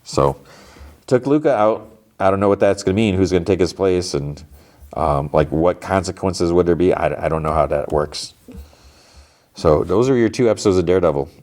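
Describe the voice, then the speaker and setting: A man's voice: sits low, moderate pace, darkish tone. A man hosting a podcast, casually recapping TV episodes in a chatty way, full of "like" and "you know.". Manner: exasperated at the plot. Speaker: podcast host.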